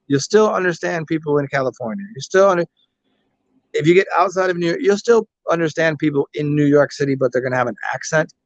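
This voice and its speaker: Casual American guy hosting a chat stream, cursing and joking, a touch high-pitched, dull dry recording. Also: no room sound. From United States. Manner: profane, joking, rambling with many restarts. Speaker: livestream host reading chat. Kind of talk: casual rambling livestream chat.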